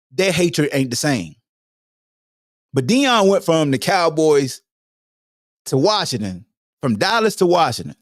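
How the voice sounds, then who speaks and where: A man's voice: no room sound, studio quality. A man hosting a podcast, giving a solo sports commentary rant in a slangy, profane way, talking straight to his listeners. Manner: animated, swinging between loud high bursts and low mutters. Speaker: podcast host.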